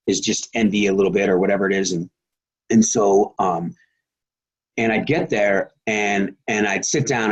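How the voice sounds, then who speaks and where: A man's voice: lowish voice, low-quality recording. A middle-aged man giving a motivational team call talk, rambling, with many fillers and repeated words. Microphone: phone or conference line.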